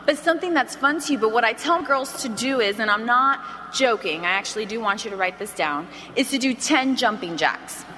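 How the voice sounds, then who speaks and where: A woman giving an energetic, animated sales training talk to an audience in a large hall, acting out phone calls as she goes. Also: on the high side, moderate pace, few pauses. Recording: reverberant hall, faint background noise.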